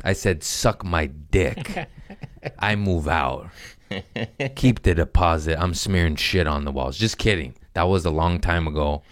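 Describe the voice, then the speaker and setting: Animated, low-voiced man riffing on a podcast. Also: dry recording, clean studio sound. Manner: joking, profane, self-mocking, laughs often. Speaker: podcast host. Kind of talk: rambling comedic podcast monologue. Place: his apartment.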